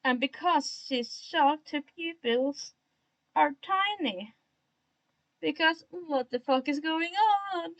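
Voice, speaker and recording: A woman's voice: high-pitched, takes it slowly, fairly bright tone, muffled recording. A young woman streaming while she draws, chatting to herself in a self-mocking way and remarking on her own odd tone of voice. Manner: admits to an odd put-on tone today. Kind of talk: casual livestream chat while drawing.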